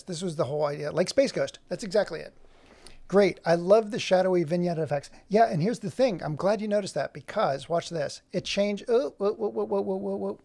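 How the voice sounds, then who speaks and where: A man's voice: high-pitched, vocal fry, darkish tone. A man hosting a casual livestream, rambling and often breaking off his own sentences. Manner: rambling, self-interrupting. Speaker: livestream host.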